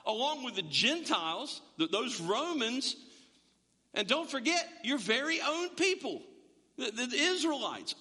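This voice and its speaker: In a long, echoing hall, a middle-aged male pastor delivers a sermon in a high, bright, forceful voice. His manner is animated and jokey, though he trips over restarts along the way.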